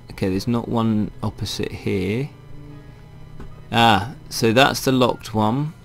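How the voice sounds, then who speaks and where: A man reads a fantasy game aloud and talks through his choices in a wry, chatty way. His voice sits low, with a gravelly grain. Faint game music plays underneath. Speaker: gaming channel host. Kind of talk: reading a game aloud with commentary.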